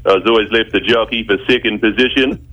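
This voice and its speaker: A man giving a comic best man's wedding speech in a bitter deadpan, full of horse-racing puns. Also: lowish voice, quick pace, highs cut off.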